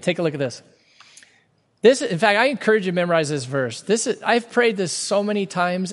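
A male pastor delivering a sermon in an earnest, emphatic way, often doubling back on his words as he presses a point. His voice sits high for a man. It rings out with a long reverb, as in a large hall. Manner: earnest, emphatic preaching with frequent restarts.

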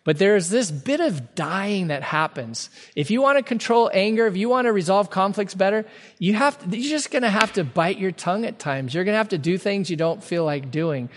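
A man preaching a sermon as pastor, earnest and emphatic, stretching key words slowly for weight. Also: sits high. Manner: earnest, emphatic preaching with sudden slow-downs. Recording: long hall reverb.

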